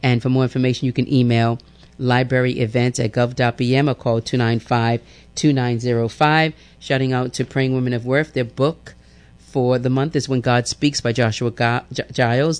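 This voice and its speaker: A man hosting a radio show, reading announcements and giving a lively devotional that repeats phrases and calls listeners family. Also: mid-range voice, moderate pace, smooth. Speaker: radio host.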